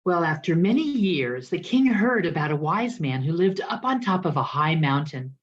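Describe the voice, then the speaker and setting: A woman minister telling a story as part of her sermon, in an expressive storytelling manner. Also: low voice, moderate pace. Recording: dull lo-fi recording.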